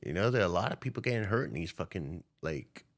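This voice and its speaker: A man's voice: low-pitched, lively intonation, fast talker. Young man, trading streamer, cursing, confrontational, unscripted livestream rant. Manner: profane, confrontational, ranting at viewers.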